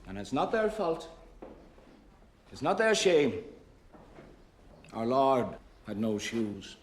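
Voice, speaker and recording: An actor playing a stern middle-aged schoolmaster who lectures a class with mocking rhetorical questions. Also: male voice, mid-range voice, sing-song, slow, reverberant. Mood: lecturing. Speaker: schoolmaster in a film.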